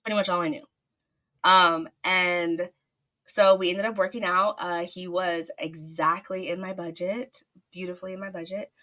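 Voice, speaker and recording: A woman's voice: on the low side, flat delivery, normal speed, bright, forceful tone. A woman author telling a long story in a casual podcast interview, gushing and rambling with many fillers. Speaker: author guest.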